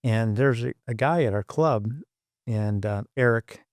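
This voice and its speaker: A man's voice: medium pitch, a little slow, no room sound. A middle-aged man from Michigan, a podcast guest and former engineer, telling stories in an interview and acting out the people he quotes. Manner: animated storyteller, acts out quoted voices. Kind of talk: storytelling interview.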